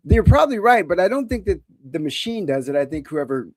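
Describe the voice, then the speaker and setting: A man's voice: high-pitched, very animated, fast talker, dry recording. A man hosting a live call-in show, talking in a casual, opinionated and joking way.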